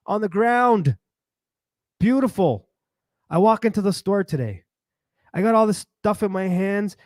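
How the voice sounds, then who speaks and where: A man hosting a podcast, telling a rambling, lively story and acting out the voices of people he met. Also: high-pitched, no echo, studio quality. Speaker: podcast host. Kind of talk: animated storytelling monologue.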